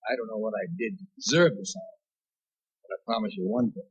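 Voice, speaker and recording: A man's voice: mid-range voice, big pitch swings, fast talker, vocal fry, breathy edge, highs cut off. A man as guest of honor at a comedy roast, telling wry self-mocking jokes in a vintage television broadcast recording. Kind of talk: stand-up roast speech.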